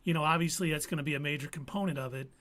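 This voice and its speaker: Talking very fast in a high-leaning voice, a podcast host runs through a TV episode on his live stream. The recap is casual and animated, with the characters' quotes acted out.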